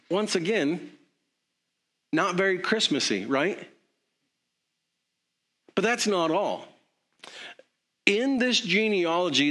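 A man's voice: a little high, fairly bright tone. A man preaching a sermon in a conversational way, with joking asides and frequent fillers. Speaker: pastor.

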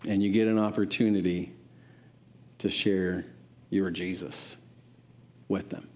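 A man's voice: fairly even intonation, slow pace, darkish tone. Man preaching a sermon story. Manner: acts out quoted voices, pitch rising for characters.

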